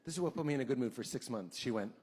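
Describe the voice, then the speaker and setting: A man doing a stand-up set in a dry, deadpan way. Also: medium pitch, rapid-fire. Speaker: stand-up comedian.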